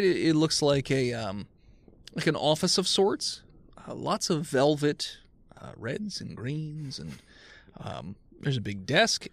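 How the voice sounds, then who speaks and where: Lively man running a tabletop game. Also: medium pitch, vocal fry, no room sound. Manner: rambling, laughing, lively narration. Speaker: game master.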